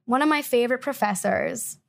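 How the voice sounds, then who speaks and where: A woman in her twenties co-hosting a podcast, chatting casually and acting out quotes with a lifted, animated voice. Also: fairly high pitch, fairly quick, vocal fry. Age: 20s. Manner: animated, acts out quotes with a raised voice. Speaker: podcast co-host. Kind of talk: casual chat.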